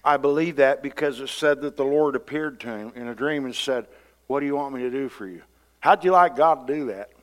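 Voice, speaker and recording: A pastor preaching a sermon in a conversational style, often repeating words and acting out what people say. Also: male voice, a little high.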